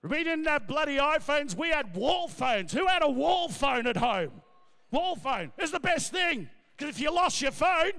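A middle-aged man doing brash, loud stand-up as MC at a gala. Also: very high-pitched, sing-song, vocal fry. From Australia. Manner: brash, loud, rapid riffing. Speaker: comedian and MC. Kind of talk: stand-up comedy. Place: large gala ballroom. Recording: echoey ballroom, long reverb.

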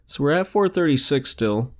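A young man hosts a let's play, his fairly high voice animated and moving at a normal speed. He chats casually, narrating every move he makes in the game.

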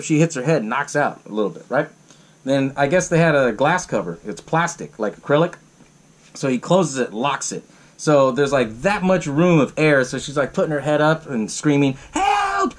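A man hosting a podcast, casually recapping a horror movie in a loose, profane way full of fillers. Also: a little high. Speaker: podcast host.

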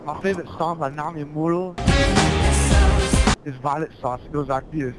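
A man hosts a goofy gameplay video, rambling and breaking into shouts. His voice sits slightly high for a man, and loud music plays behind him. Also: moderate pace. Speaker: gaming video host.

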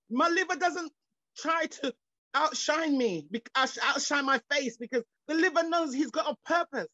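Fervent high-voiced woman preaching over a video call. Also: normal speed, pushed and bright, no room sound. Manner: fervent, repetitive, stumbling restarts, rising into exclamations. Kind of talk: sermon. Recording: dull lo-fi video call audio.

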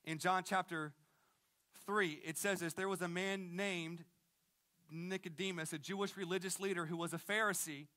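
Bright-voiced energetic male preacher. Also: high voice, normal speed. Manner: casual, energetic preaching with slang and repeated restarts. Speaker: pastor. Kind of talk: sermon.

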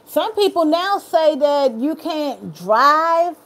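A woman's voice: high-pitched, expressive, slow, fairly bright tone. A woman hosting a casual live chat, reading viewers' comments aloud and talking to them in an earnest, encouraging way. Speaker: live stream host.

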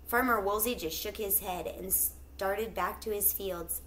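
A woman teacher reading a picture book aloud to children, pausing to ask them questions. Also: medium pitch, a bit bright, slight background noise. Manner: pauses to ask listeners questions.

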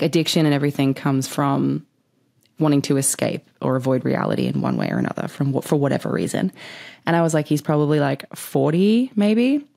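A young woman tells a story in a loose, rambling vlog style. Her voice sits low, and she fills it with "like" and casual swearing. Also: creaky, mellow. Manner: rambling, swears freely, says "like" constantly. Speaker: vlogger.

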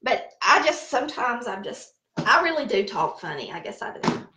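A middle-aged woman from the Southern United States, host of a cooking channel, tells stories and laughs at herself during casual chat, speaking with a Southern American accent. Her fairly high voice is sing-song and sharp, her pace moderate, and the sound roomy.

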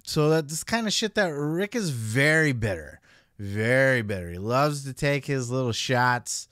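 A man's voice: mid-range voice, lively intonation, a little slow, a bit bright, no echo, studio quality. A man hosting a podcast, giving casual commentary in a blunt, heavily profane way. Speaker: podcast host.

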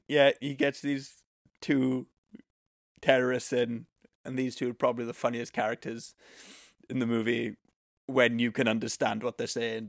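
A man's voice: mid-range voice, dry recording, clean studio sound. A man co-hosting a podcast, chatting casually as he retells a movie plot at length and laughs at how bad it is. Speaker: podcast co-host. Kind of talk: casual movie recap chat.

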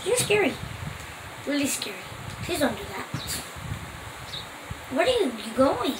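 High, excitable young gamer girl. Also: measured pace. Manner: excitable, gasping and exclaiming at finds. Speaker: gaming video creator. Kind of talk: casual gameplay commentary. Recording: roomy echo with clear background noise.

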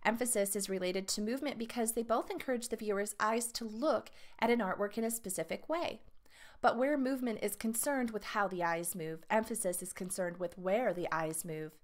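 A woman's voice: medium pitch, brisk. A woman art teacher reading test review questions and lesson text aloud to her students, with her own asides. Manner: reads questions and answer choices aloud, adds asides to students.

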